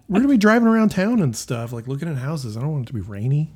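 A man chatting casually in short, dry remarks. His voice is slightly husky, and his pitch rises and falls a lot. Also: animated, fairly quick, pauses often, darkish tone. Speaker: podcast co-host. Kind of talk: casual chat.

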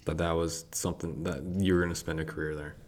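A man's voice: low-pitched, little pitch movement, fast talker, darkish tone, a little hiss or hum. A man hosting a podcast, asking casual questions and encouraging his guest with easy affirmations. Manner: easygoing, affirming, prompting the guest. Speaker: podcast host.

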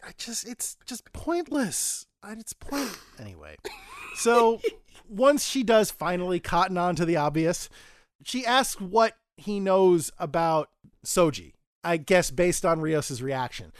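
A man's voice: high-pitched, animated, slow pace. A man co-hosting a casual podcast, retelling an episode at length in an opinionated, critical way. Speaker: podcast co-host.

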